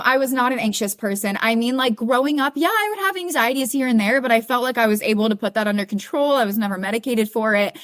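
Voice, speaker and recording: A woman's voice: a little high, a bit bright. A young woman speaking as a podcast guest in a candid, earnest and emphatic way. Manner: earnest, emphatic self-encouraging. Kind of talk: candid casual interview talk.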